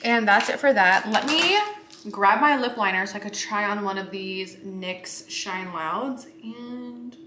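A woman's voice: mid-range voice, a little slow, pushed and bright. A young woman in her twenties chatting bubbly and straight to camera in a casual lifestyle vlog. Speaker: beauty and lifestyle vlogger. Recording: echoey room, faint ambience.

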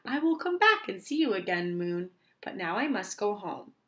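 Storybook owl, gentle and simple, earnest and childlike, read by a woman. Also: medium pitch, very animated, moderate pace. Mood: friendly.

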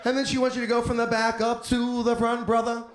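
A man's voice: very high voice, monotone, a little fast. A man doing a brash, profane stand-up set, campy and theatrical, slipping into put-on voices. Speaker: stand-up comedian. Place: comedy club stage. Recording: echoey club with audience noise. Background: audience laughter.

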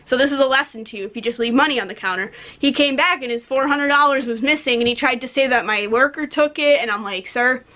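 A woman's voice: sits high, quick pace, hardly any pauses, bright, forceful tone. A young woman from the United States, a cashier ranting bluntly about customers in a casual vlog, swearing freely and saying "like" a lot. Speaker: vlogger, retail cashier.

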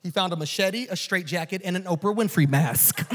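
A man preaching a storytelling sermon in a church, animated and joking. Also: sits high, fairly quick. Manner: animated and joking, acts out quoted voices. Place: church auditorium.

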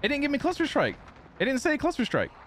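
A man commentating his own shooter match, with a high voice that leaps all over the place. He trash-talks and laughs at the other players, with a faint hiss of noise behind him. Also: huge pitch swings, fast, fairly bright tone. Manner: trash-talking, laughing, exclamatory. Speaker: gaming streamer. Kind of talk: excited gameplay commentary.

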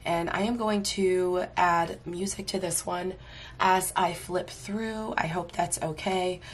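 Woman host, slow and giggly, slightly low voice, strained from illness, faint noise behind. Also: fairly even intonation. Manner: giggly, laughs often, amused exclamations. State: voice strained, talking hurts while unwell. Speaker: coloring book reviewer. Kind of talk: casual flip-through commentary.

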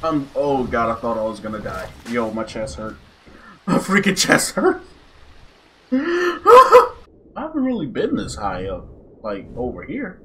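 A young man giving casual gameplay commentary, yelping and shouting in panic, then muttering nervously between scares. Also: medium pitch, very animated, normal speed, slight background noise. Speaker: gaming YouTuber.

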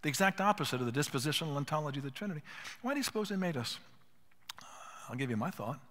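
Speaking fast and expressively in a slightly high, somewhat bright voice, an older conference speaker delivers an earnest, emphatic lesson to a live audience, performing bits of dialogue. Hall reverb fills the conference-room recording.

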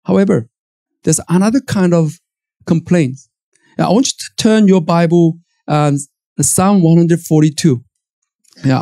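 A Korean-accented man preaches a sermon in a church, emphatic and animated, often restarting his phrases. His voice is mellow and warm. The sound is dry and close. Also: a little high, no echo. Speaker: pastor. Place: church auditorium.

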